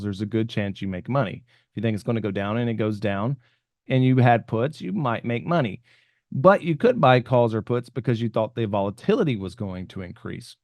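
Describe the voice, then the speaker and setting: Man, podcast co-host, casual explainer, mid-pitched voice, dry close-mic sound. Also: no echo. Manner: conversational, thinking aloud, trailing off softer at the ends of points.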